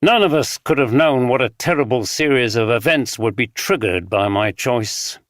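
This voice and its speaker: A man's voice: mid-range voice, animated, normal speed, a bit bright, no echo, studio quality, lightly acted. A male narrator voicing a dejected film director who speaks earnestly, with a bitter edge.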